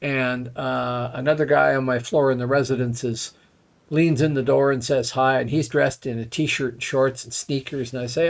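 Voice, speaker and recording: A man's voice: mid-range voice, steady tone, normal speed, vocal fry. A middle-aged man casually telling rambling, wry stories while playing a game on a live stream. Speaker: gaming streamer.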